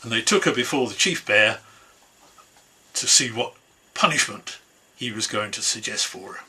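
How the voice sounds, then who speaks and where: Brief: male storyteller, bright, husky, relaxed folk-tale telling. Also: on the low side, normal speed. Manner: easygoing, conversational telling. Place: home, online concert.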